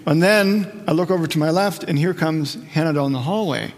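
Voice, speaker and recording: A man's voice: on the high side, moderate pace, long reverb tail. A middle-aged man preaching a sermon, telling stories in a conversational way and acting out quotes. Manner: conversational storytelling with acted quotes. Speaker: pastor.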